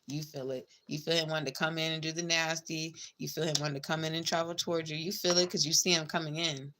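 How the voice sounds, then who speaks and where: A woman's voice: deep voice, steady tone, fast, noisy background. A woman giving a casual tarot reading, chatty and blunt, swearing freely and calling the listener babe and girl. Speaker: tarot reader.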